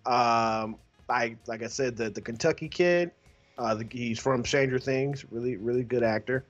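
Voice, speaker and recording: A man's voice: mid-range voice, normal speed, soft background music. A man co-hosting a film review podcast, chatting casually and playfully, laughing often. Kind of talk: casual chat. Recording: dull lo-fi audio.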